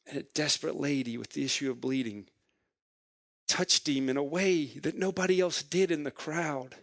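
A pastor delivers his sermon in a man's slightly high voice, leaning on repetition and storytelling. The sound is close and dry, with no room in it. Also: steady tone, moderate pace, no room sound. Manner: conversational storytelling preacher, repeats phrases for emphasis.

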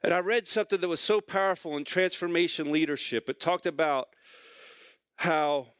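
Higher-voiced man preaching a sermon. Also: normal speed, a bit bright, clean tone, no echo. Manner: conversational storytelling preacher, repeats phrases for emphasis. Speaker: pastor.

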